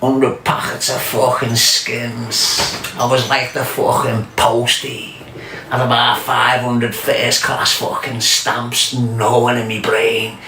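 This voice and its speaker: A man's voice: mid-range voice, monotone, slow pace, sharp tone, slight background noise. Sweary Scouse man, casual livestream chat. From England. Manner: swears a lot, loose storytelling, greets viewers. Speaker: livestream host. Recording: echoey room with music behind.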